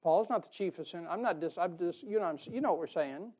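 A man preaching a sermon in a folksy, emphatic way, chuckling at his own jokes and swinging between loud stresses and soft asides. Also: high voice, lively intonation, fast, slightly rough.

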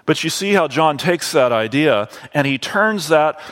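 Guy preaching a sermon, kinda high voice, real slow and deliberate. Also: animated, a bit bright, in a large hall. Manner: slow and deliberate, drawing out key phrases.

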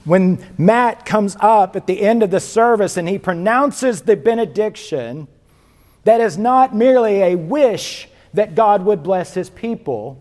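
A man preaching a sermon as a guest preacher, slow and emphatic, repeating key words for weight. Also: sits high, expressive, a little mellow. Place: church sanctuary. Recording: long reverb of a church hall.

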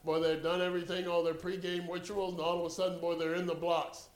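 A man preaching a sermon, telling a story and swinging from quiet narration to loud exhortation. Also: high voice, level tone, fast talker, echoey room, a little hiss or hum.

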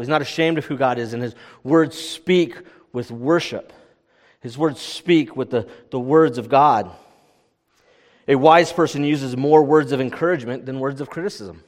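Pastor guy preaching, chatty, keeps saying right?, mid pitch, church hall echo. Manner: conversational preaching, frequent "right?" tag questions. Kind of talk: sermon.

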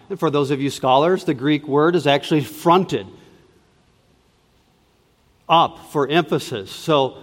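Male pastor preaching, slow and deliberate, repeats words for emphasis, big reverb from the hall. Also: mid-range voice. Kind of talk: sermon. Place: church sanctuary.

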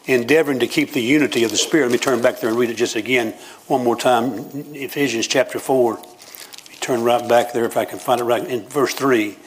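A man's voice: mid-range voice, slightly rough. An older man preaching a sermon, telling folksy jokes and stories and lifting his voice on emphatic lines. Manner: folksy, joking storytelling with rising emphatic lines.

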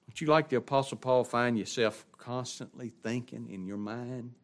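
A male pastor delivering a sermon, swinging between loud, ringing exclamations and quiet, hushed asides. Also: medium pitch, steady tone, moderate pace, hardly any pauses. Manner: preaching with sweeping swings from loud exclamation to hushed near-whisper.

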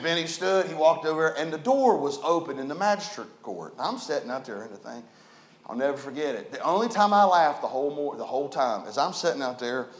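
A man preaching a folksy storytelling sermon, animated and building to emphatic preaching. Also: fairly high pitch. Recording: echoey room.

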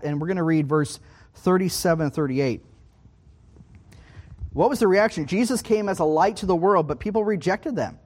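Man, high voice, Bible teaching sermon, emphatic, repeats key points. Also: darkish tone. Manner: emphatic, repeating key phrases and asking "okay?". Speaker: preacher.

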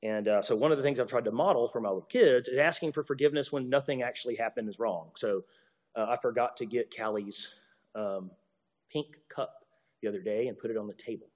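A man with a brisk, mid-range voice preaches a sermon, probably as a pastor or teacher. Animated and prone to restarts and repeated words, he dramatizes apologies in shifting voices, all on a dull recording with long reverb.

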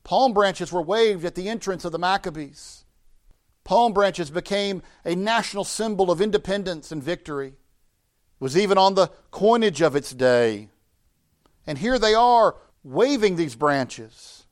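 A middle-aged pastor with a fairly high voice preaches from the pulpit. He builds to emphatic, ringing declarations, then lets his phrases sink low and quiet. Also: animated, measured pace. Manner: rising to emphatic preaching, dropping low and soft at phrase ends. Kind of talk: sermon.

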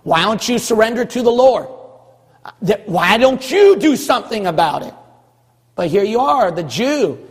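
A man from California preaching a sermon as pastor of his church, hammering one phrase over and over and rising into shouts. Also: sits high, big pitch swings, moderate pace, slightly rough, long reverb tail. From California, USA. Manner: forceful, repetitive exhorting, rising to shouts.

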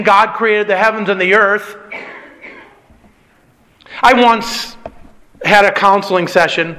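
Male preacher, high bright tone, insistent questioning sermon delivery. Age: adult with a young child. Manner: emphatic preaching with repeated rhetorical questions. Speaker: pastor.

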